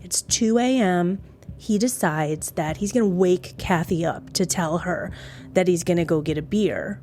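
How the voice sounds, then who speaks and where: A woman's voice: on the low side, a little slow, darkish tone, a little hiss or hum. A woman hosting a podcast, telling a true crime story in a casual, chatty way, skeptical and acting out the quotes with jumps in her voice. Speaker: podcast host.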